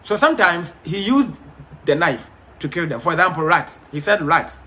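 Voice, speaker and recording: A man's voice: on the high side, expressive, moderate pace, pushed and bright. A man teaching a Bible study, emphatic but hesitant, with frequent fillers and restarts.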